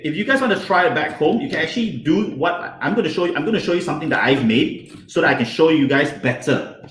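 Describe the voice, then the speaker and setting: A man guides children through a practical science lesson, peppering them with questions while his fairly high voice rises and falls. His tone is a bit bright, and there's lots of echo from the roomy space he's in.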